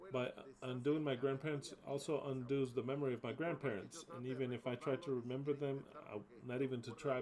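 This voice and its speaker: A man's voice: medium pitch, a little mellow, low-quality recording. A man preaching a sermon, reading scripture aloud and explaining it emphatically. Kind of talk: sermon teaching.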